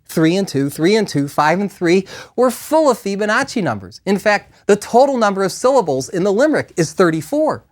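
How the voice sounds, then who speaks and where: Middle-aged male professor, playful lecture delivery, pitch swinging up and down a lot. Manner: lively, playful, enthusiastic. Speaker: math professor. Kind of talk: recorded lecture. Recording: compressed 2000s DVD lecture audio.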